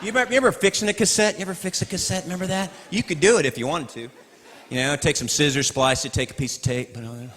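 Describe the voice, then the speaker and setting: A man performing a stand-up comedy routine, animated and quick to slip into voices. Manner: animated, breaks into falsetto singing and voices. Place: large theater before a laughing audience. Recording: live hall recording with crowd noise.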